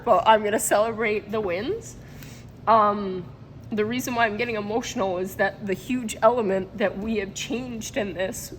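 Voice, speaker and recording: A woman's voice: mid-range voice, slight background noise. A woman talking to camera in a casual vlog, emotional and rambling, often breaking into laughter. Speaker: vlogger and product maker.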